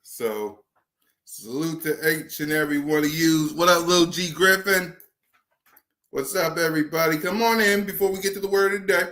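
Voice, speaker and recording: Bright-voiced man hosting a casual stream. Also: a little high, moderate pace. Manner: hypes viewers, shouts out names. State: out of breath. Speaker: host. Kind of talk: casual livestream chat.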